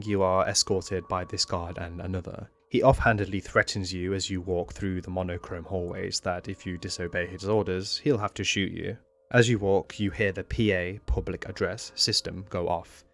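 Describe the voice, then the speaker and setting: A man narrating a scripted game commentary in a measured, explanatory way. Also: low voice, fairly bright tone. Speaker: video essay narrator.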